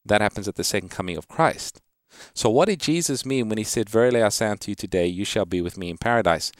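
A man with a fairly low voice hosts a call-in Bible program. He explains scripture earnestly and lifts his voice when he quotes verses. The sound is close and dry, with no room around it. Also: quick pace, no room sound. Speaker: radio Bible-answer host. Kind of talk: call-in radio Bible teaching.

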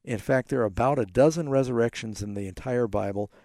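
Radio Bible host, male, gravelly and mellow, earnest explainer, dry studio sound. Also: mid-range voice, a little fast, no echo. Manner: earnest, explanatory, quotes scripture in animated bursts. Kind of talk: call-in Bible answers.

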